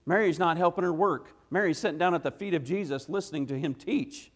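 A little high and fairly quick, a man's voice carries an evening sermon through a church sanctuary full of long reverb. He preaches in a folksy, emphatic style, asking rhetorical question after rhetorical question, using "gotta" and "ain't," and driving points home with "hey."

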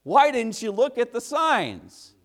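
A man voicing mocking warning signs in a high, taunting voice during a sermon. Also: huge pitch swings, takes it slowly, a bit bright, exaggerated voice. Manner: shrill, taunting. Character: mocking talking warning signs, shrill and gloating.

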